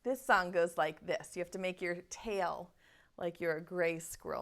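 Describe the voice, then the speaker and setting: A woman's voice: on the low side, gravelly, fairly bright tone. A woman preschool teacher leading an online circle time, reading a picture book aloud and asking the children questions. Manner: slow, sing-song storytelling voice that asks children questions.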